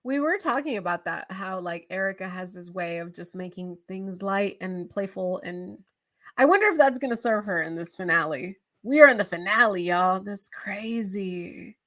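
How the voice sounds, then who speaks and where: A woman's voice: on the low side, expressive, moderate pace, fairly bright tone, slight background noise. A young adult woman hosting a reaction show, chatting casually to camera in a bubbly, openly emotional way.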